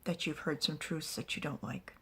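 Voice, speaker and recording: A woman's voice: low-pitched, normal speed, slightly rough, exaggerated voice. Woman whispering as a dead seer in a dream, whispered role-play. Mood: urging. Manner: calm and urging. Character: departed female clan seer, dead, speaking in a dream.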